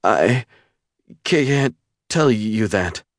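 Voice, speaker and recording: A terrified young woman in a romance audiobook, her voice trembling as she begs to be let go, put on by a male narrator. The voice is lifted well above the reader's own deep register, yet it stays close and dry, with no room around it. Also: animated, normal speed, no room sound. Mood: pleading. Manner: trembling, pleading. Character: frightened battered young woman, pleading.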